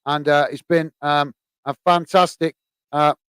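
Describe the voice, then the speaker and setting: A man's voice: a little high, fairly even intonation, a little slow, a bit bright, clear, resonant tone, no echo. An English man hosting a live football stream, reading fan comments aloud with lots of fillers and friendly "mate" replies. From England. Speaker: host reading live chat.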